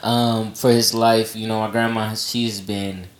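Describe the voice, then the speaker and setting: Deep-voiced man telling stories. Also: a little slow, roomy sound. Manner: animated storytelling, drops to low asides. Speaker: podcast co-host. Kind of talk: casual podcast chat.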